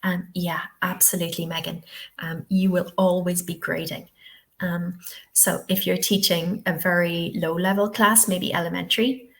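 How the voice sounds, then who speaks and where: A woman's voice: fairly low pitch, level tone, normal speed, creaky, a bit bright. A woman from the west of Ireland, presenting a live online teacher-training webinar in a chatty, encouraging way, often checking with "okay?".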